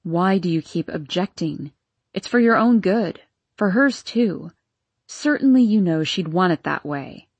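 A woman reading an audiobook, voicing a cold, scheming nurse with a deep, sultry voice and a measured, demanding delivery. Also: animated, a little mellow, slightly rough, dry recording, exaggerated voice. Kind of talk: audiobook character voice.

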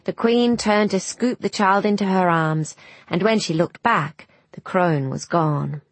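A woman narrates a fairy tale in a measured, gentle way, her voice a little low and breathy. She reads very slowly and deliberately. The recording is dry and close. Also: no echo. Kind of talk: scripted storybook narration.

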